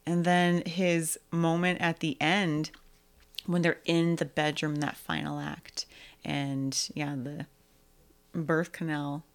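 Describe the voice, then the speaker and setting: A young adult woman co-hosting a casual movie podcast, animated, breaking into high squeaky voices to act out scenes. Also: slow, clean tone. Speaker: podcast co-host.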